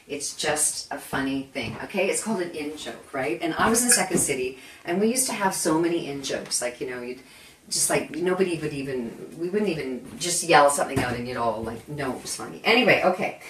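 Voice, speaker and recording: A woman hosting a live cooking demonstration in her home kitchen, chatty and animated, full of self-deprecating asides. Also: deep voice, fairly quick, crowd noise. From Canada. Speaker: cooking show host. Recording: echoey kitchen, mic at a distance.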